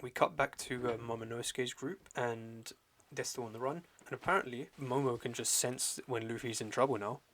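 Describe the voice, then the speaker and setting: Young guy on a podcast, slangy casual chat, lots of likes and restarts, medium pitch. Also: normal speed, slight background noise. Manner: slangy, animated retelling with lots of fillers and restarts. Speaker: podcast host reviewing a manga chapter.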